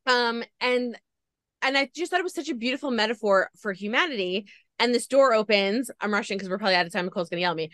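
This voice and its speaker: A woman's voice: a little high, fast talker, a bit bright, no echo. A woman podcast host gushing as she retells a story in a casual interview chat.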